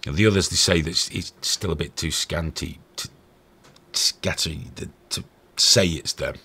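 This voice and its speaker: A man's voice: rumbling low, measured pace, sharp tone, breathy edge. A man hosting a stream with angry, profane, sarcastic ranting commentary. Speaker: host.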